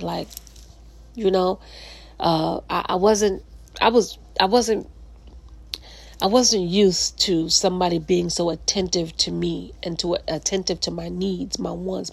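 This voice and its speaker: A woman's voice: on the low side, gravelly, breathy edge, no room sound. A woman podcast host talking casually about relationships, chatty and full of fillers, restarts and laughter.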